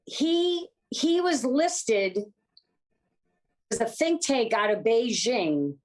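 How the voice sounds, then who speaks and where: Woman on a talk show, pretty high voice, hammering her points over and over. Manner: emphatic, repeats her points. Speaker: guest. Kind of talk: political talk show chat.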